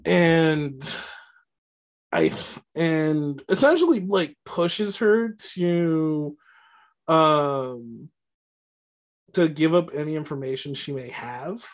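A man with a slightly high voice walks through a film plot in casual podcast chat. He rambles, stopping and restarting with plenty of ums and uhs. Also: expressive, very slow, pauses often. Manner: rambling, many fillers and restarts. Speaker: podcast co-host. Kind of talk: casual movie recap chat.

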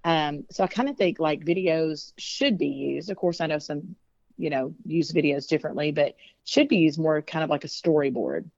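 A woman's voice: deep voice, moderate pace, darkish tone, no echo, muffled recording. A woman singer speaking as an interview guest, chatty and frank, with many fillers. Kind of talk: casual interview talk.

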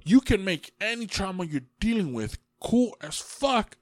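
A man co-hosting a casual podcast chat, profane and animated, often laughing. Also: high voice, a little slow, no room sound, studio quality. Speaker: podcast co-host.

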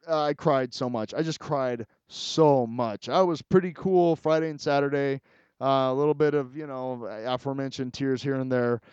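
A man's voice: medium pitch, a little mellow, clean tone, dry recording, highs cut off. A middle-aged man hosting a casual solo podcast, rambling and emotional, swearing freely and talking straight to his listeners. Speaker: podcast host.

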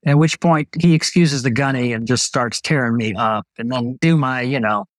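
Older man, retired military doctor, anecdotal storyteller, medium pitch, dry sound. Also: moderate pace, dry recording, low-quality recording. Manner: relaxed anecdotal telling with repeated starts. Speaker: retired Navy doctor, guest. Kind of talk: storytelling in an interview.

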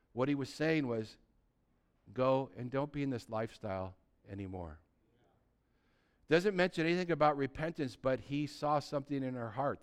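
A man in his sixties preaching a sermon, animated and conversational, swinging between loud emphasis and hushed, quiet lines, and asking his congregation rhetorical questions. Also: medium pitch. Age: 60s. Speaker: pastor.

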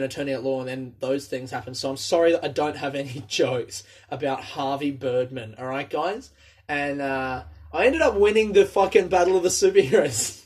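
Profane rambling man, a bit high. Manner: rambling, profane, animated storytelling. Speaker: comedian. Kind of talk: casual monologue.

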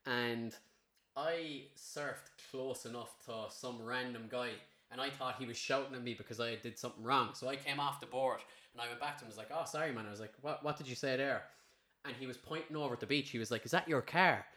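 A man's voice: medium pitch, a bit bright. An Irish man hosting a podcast, telling stories animatedly and swearing freely. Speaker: podcast host. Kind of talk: casual chat.

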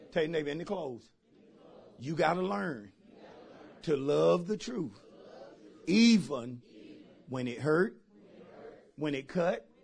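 A male pastor, preaching a sermon in call-and-response style and moving from hushed storytelling to shouting. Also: a little high, slightly rough.

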